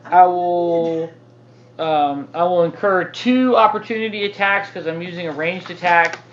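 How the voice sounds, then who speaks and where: A man playing a tabletop game, thinking aloud haltingly with lots of ums. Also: sits high. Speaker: player. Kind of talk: casual tabletop game play. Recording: dull lo-fi podcast audio with faint noise.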